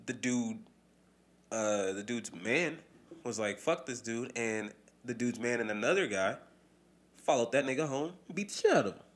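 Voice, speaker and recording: A man's voice: medium pitch, moderate pace. A man co-hosting a podcast in casual, profane chat. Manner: animated, profane, mimics voices when quoting people. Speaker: podcast co-host.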